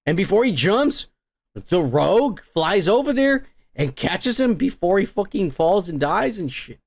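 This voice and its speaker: A man with a high voice hosts a comedy podcast. He recaps an episode in loose, rambling talk full of cursing and stumbles. The sound is dry and close, with no room echo. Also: big pitch swings, unhurried. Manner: rambling, swears constantly, restarts often. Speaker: podcast host. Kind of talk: casual profane recap.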